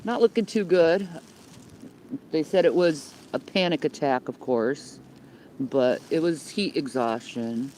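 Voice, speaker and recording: A woman's voice: low voice, takes it slowly, darkish tone, a little hiss or hum. A woman livestreaming on her phone from outdoors under a building, ranting bluntly and swearing heavily, repeating herself as she rambles. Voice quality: heavy swearing, blunt and combative. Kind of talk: homeless livestream rant. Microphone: phone held by the speaker.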